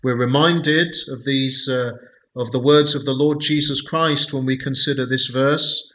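A man leading a Bible study, speaking slowly and deliberately with many hesitant fillers. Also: mid-range voice, fairly even intonation, sharp tone, poor audio.

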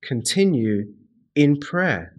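A man preaching a sermon to a congregation in a slow, deliberate way, repeating key phrases and speaking to his listeners directly. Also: fairly high pitch, very animated.

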